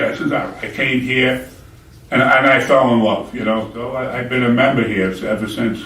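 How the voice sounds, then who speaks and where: Man, 60s, church member testimony; plainspoken, halting, off-mic in an echoey room. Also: mid-range voice, a bit bright, distant mic. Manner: halting, plainspoken, many fillers. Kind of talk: personal testimony.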